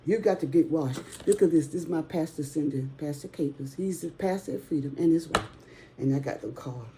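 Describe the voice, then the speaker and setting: A woman's voice: low-pitched, a little fast, noisy background. A woman, preaching on a prayer call and singing hymn lines, near tears at times, in short bursts with many "okay?".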